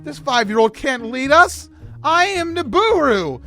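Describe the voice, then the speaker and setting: A man's voice: very high-pitched, sing-song, measured pace, bright, forceful tone, soft background music, voice pushed up, full character voice. A man voicing a proud, bossy desert warrior woman who leads her people, in an indignant, boastful tone during a game talk show.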